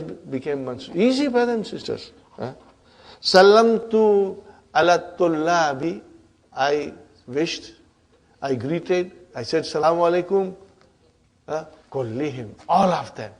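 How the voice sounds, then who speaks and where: A man teaching an Arabic grammar class, often checking in with "huh?" and "brothers and sisters". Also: high-pitched.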